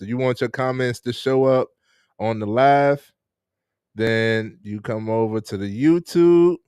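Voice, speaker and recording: A man's voice: medium pitch, measured pace, a little mellow, clear, resonant tone, no room sound, studio quality. A man hosting a casual live-streamed interview, chatting with viewers and laughing often. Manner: laid-back, laughs often, chats with viewers.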